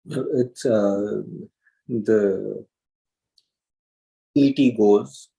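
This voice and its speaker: Slow-talking gravelly guy, language student, lots of uh and um, hesitant. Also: fairly low pitch, fairly even intonation, warm tone, poor audio. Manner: hesitant, many fillers, repeats after the teacher. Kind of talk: one-on-one language lesson.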